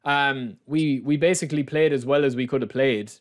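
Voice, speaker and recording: A man with an excitable manner, commentating live on his own football video game and talking straight to his viewers. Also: mid-range voice, moderate pace. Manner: excitable, shouts and groans at the play, addresses viewers as lads. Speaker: gaming channel host.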